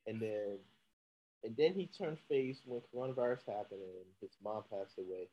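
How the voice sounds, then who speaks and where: A man's voice: lowish voice, moderate pace, lo-fi sound, slight background noise. A man co-hosting a sports talk show, chatting casually and laughing easily, at times stumbling over names. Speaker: podcast co-host.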